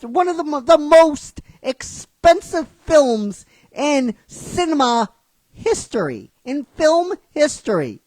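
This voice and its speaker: A woman hosting a show, ranting in excited disbelief, swearing and laughing. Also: high voice, takes it slowly, dry recording. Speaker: host. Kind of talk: casual ranting commentary.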